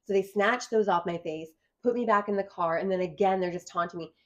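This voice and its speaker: A woman's voice: mid-range voice, a little fast. Earnest woman telling her story. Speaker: guest recounting an arrest. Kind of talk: personal account in a conversation.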